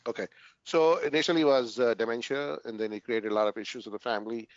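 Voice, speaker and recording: Play a man with a middle-pitched voice, talking earnestly to an interviewer over a dull, muffled line, close and dry. Keep the phrases short, stop and restart now and then, and end points with "right?". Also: dry recording. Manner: earnest, repeats "right?" often, pauses to restart sentences. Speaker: interview guest. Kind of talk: casual conversational interview.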